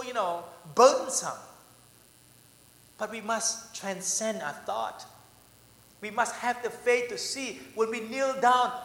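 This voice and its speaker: A man's voice: high-pitched, a bit bright. A man preaching a sermon as pastor, asking his listeners questions and answering them himself. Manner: dynamic preaching, asks the congregation questions. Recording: echoey church hall.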